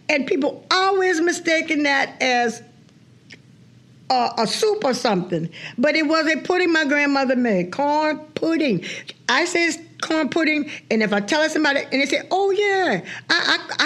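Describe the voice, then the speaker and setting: A New woman with a fairly high voice that swoops up and down as she talks. She tells animated stories and acts out what people said to her, laughing often between lines. Her comes through in a relaxed, chatty interview. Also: normal speed. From New Orleans, USA. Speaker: guest historian. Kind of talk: casual interview chat.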